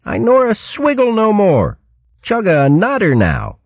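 A tiny, cheeky baby squirrel piping out lisping baby talk far above an adult's pitch. The voice stays husky at its core, on a slightly muffled audiobook recording. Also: male voice, wildly swooping pitch, unhurried, no room sound, heavily acted. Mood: eager.

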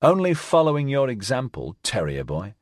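A man voicing a calm, earnest male crewman in an audiobook, persuading gently. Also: medium pitch, normal speed, no room sound, studio quality, pitched above the performer's own voice.

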